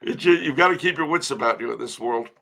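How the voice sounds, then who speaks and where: An older man with a gravelly texture tells jokes in a wry, courtly way. He sounds like a guest chatting over a video call, relaxed and polished. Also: mid-range voice, quick pace. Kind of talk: casual chat, telling jokes.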